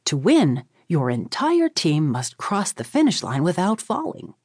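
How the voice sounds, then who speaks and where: Woman voicing a brisk male camp counselor. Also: on the low side, huge pitch swings, a little mellow, breathy edge, no room sound, clean studio sound, heavily acted. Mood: instructive. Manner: announcing, instructive.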